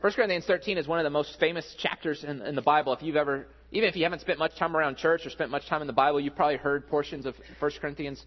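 A man's voice: fairly high pitch, very fast, few pauses. A man in his thirties, a pastor preaching a sermon in a conversational, earnest way. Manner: conversational, earnest, builds up when telling stories. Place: church hall. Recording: muffled with a long hall echo.

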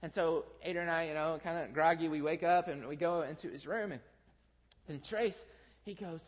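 A pastor in his thirties preaches a sermon in a large church sanctuary, his voice on the high side at a moderate pace. He tells stories conversationally, growing animated as he acts out his children's voices. The sound is dull, with long hall reverb.

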